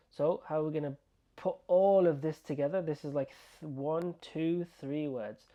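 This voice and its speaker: A man teaching an online Arabic pronunciation lesson. He is patient and repeats words slowly, stretching out the sounds. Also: on the high side, steady tone, warm tone.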